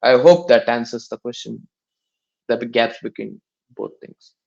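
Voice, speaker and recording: A man presenting a research paper in a live online session, explaining in a halting way with many fillers and restarts. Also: mid-range voice, creaky, a little mellow, lo-fi sound.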